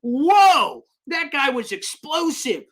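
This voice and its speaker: A man hosting a live fan stream, reading viewer comments and talking in a passionate, rambling way while emotional and excited. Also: a little fast. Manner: high-energy, passionate, rambling. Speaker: sports fan show host.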